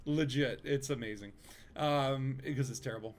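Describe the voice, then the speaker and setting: A man's voice: mid-range voice, moderate pace, a little hiss or hum. Rambling joking male game streamer. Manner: rambling, joking, many fillers. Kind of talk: casual game stream chat. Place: home computer desk. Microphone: desk microphone.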